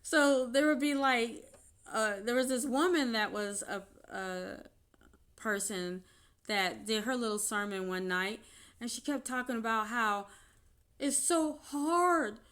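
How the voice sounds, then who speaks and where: A woman's voice: a little high, steady tone, unhurried, fairly bright tone, clear, resonant tone. A woman telling a personal story in an unscripted vlog, chatty and laughing often between her sentences. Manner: chatty, with many fillers and restarts. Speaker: vlogger.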